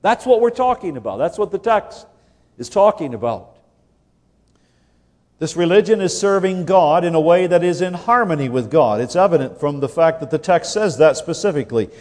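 A man delivers a sermon in a slightly high voice, measured and emphatic. He presses his point through rhetorical questions and repetition, and a long reverb trails each phrase. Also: animated, a little mellow. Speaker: preacher.

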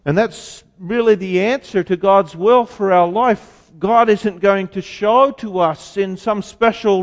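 A man preaching a sermon as pastor, slow and deliberate, asking rhetorical questions. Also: high-pitched. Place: church sanctuary. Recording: long church reverb.

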